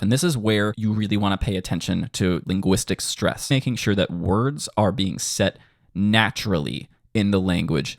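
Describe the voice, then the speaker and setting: A man teaching melody writing in a casual tutorial, animated and quick, now and then singing bits of lyrics. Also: fairly low pitch, creaky, no room sound, studio quality. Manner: animated, quick bursts, sings snippets of lyrics. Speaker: music composition teacher.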